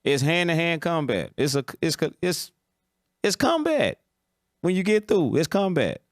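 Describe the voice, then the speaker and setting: A man's voice: a little high, sing-song, unhurried, no room sound, studio quality. A man hosting a live football talk stream, giving blunt opinions in casual commentary and often checking "you understand?".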